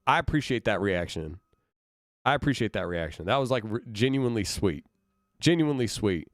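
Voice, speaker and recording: A man's voice: medium pitch, dry recording, studio quality. A man from Brooklyn, a band musician, chatting casually with viewers on a livestream, laughing often. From Brooklyn, New York. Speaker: band musician streaming reactions.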